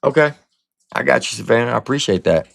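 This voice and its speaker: A man's voice: mid-range voice, animated, fast talker, vocal fry, dry recording. A man hosting a casual livestream album review, talking in blunt, profane slang. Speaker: music reviewer and streamer host.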